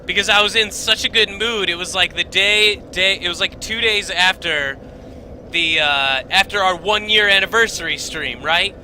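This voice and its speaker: A man's voice: high voice, normal speed, bright, forceful tone, a little hiss or hum, poor audio. A young man streaming from his home basement, telling a story casually, rambling and swearing with lots of fillers and restarts.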